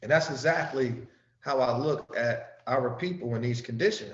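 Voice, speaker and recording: A man teaching Sunday school as a sermon, preaching slowly and emphatically with sudden rises and soft drops. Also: medium pitch. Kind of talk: sermon-style scripture teaching. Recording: roomy, dull lo-fi recording.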